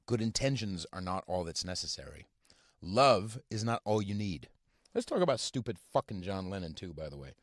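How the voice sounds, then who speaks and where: A man hosting a podcast from inside his car, ranting casually and profanely in a halting, rambling way full of fillers. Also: low-pitched, sing-song, dry recording, clean studio sound. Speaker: podcast host. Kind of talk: casual rant.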